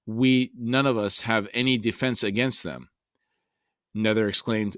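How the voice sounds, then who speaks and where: A man's voice: on the low side, fairly even intonation, measured pace, a bit bright, dry recording, clean studio sound. A man co-hosting a book podcast, reading passages aloud with light character inflection and adding commentary.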